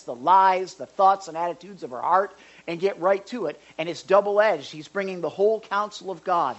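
Pastor, live sermon in a church hall, animated and excitable, chatty asides. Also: mid-range voice, muffled recording. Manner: animated, gets excited and louder; jokey asides to the congregation.

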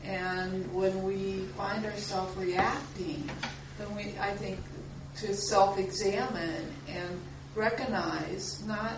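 A woman offers slow, reflective remarks from the congregation. Her voice comes from far off in an echoey room, with clear ambience behind her. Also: medium pitch, fairly even intonation, noisy background. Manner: slow, reflective, thinking aloud. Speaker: congregation member. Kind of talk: comment during sermon. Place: church or meeting room.

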